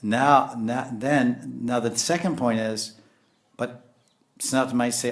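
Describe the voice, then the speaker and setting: A man preaching a spiritual sermon in a lively, animated way, chuckling now and then as he explains. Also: medium pitch, a little slow. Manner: animated, lapses into scolding voices when quoting; frequent chuckles and restarts. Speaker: spiritual teacher.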